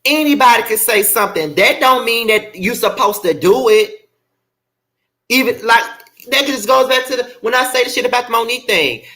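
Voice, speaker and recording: A man's voice: very high-pitched, moderate pace, bright, forceful tone. A man hosting a commentary vlog, talking bluntly and profanely in a ranting, heated way. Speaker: commentary channel host.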